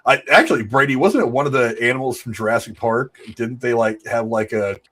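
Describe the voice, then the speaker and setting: A man's voice: medium pitch, a little fast, a bit bright. A man hosting a casual podcast chat, reading out trivia and laughing often. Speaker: podcast host.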